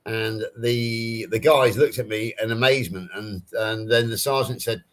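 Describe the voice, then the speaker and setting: A man's voice: fairly low pitch, fairly even intonation, moderate pace, fairly bright tone. An Englishman with a Southern English accent, chatting casually on a live stream video call and explaining things through personal anecdotes. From England. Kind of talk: casual chat.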